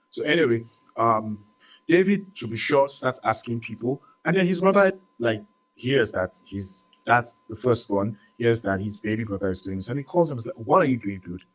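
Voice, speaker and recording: A man's voice: mid-range voice, lively intonation, normal speed, poor audio. A man retelling a Bible story for a church audience in a casual, chatty way, full of "like" and "right?" and joking asides.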